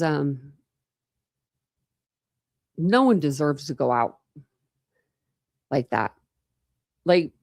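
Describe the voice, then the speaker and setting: A woman's voice: low voice, darkish tone, no room sound, clean studio sound. A woman hosting a true crime livestream, chatting casually with viewers in a rambling way. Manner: rambling and chatty, with many fillers and restarts.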